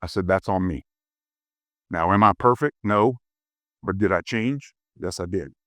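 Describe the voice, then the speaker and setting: A middle-aged man from Louisiana giving a humorous leadership keynote, a lively storyteller who acts out quoted voices. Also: deep voice, measured pace, no echo, studio quality. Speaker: keynote speaker. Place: conference stage.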